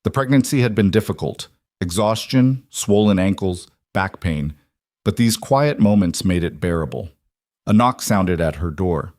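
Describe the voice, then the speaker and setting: Low-voiced guy narrating a drama story, measured and steady, dry sound. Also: no echo.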